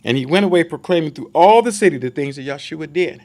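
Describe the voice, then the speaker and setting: A man's voice: fairly high pitch, expressive, fast talker, a little mellow. A man giving a conversational Bible study sermon, emphatic and full of rhetorical questions for his listeners.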